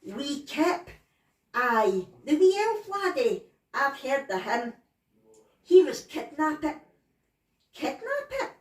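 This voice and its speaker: Pixie, female, small, blunt, Scottish , voiced by a woman storyteller; slightly high, distant roomy sound. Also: very animated, slow, pauses often, heavily acted. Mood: matter-of-fact. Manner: blunt, matter-of-fact Scots storytelling.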